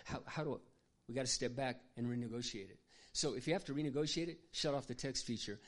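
A man with a mid-range voice speaks to a room of mothers in a folksy, joking manner. He acts out everyday scenes as he goes and keeps clearing his throat between thoughts. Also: medium pitch, quick pace. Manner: folksy, humorous storytelling with acted-out demonstrations. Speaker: Christian parenting speaker. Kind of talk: live talk to an audience of mothers.

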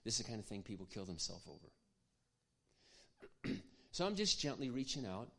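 A man preaching, telling a personal story in an earnest, confiding way that often drops to a hush. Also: lowish voice, sing-song, normal speed, vocal fry. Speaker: pastor. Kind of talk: sermon storytelling.

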